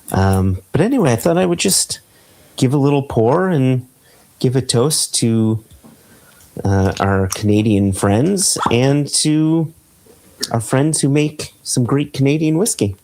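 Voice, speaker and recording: A man's voice: mid-range voice, expressive, a little slow, a little mellow, rough recording. A man hosting a podcast, chatting casually and enthusing over flavors as he tastes a whisky on a video call. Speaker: podcast host. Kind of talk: casual chat, tasting whisky on air.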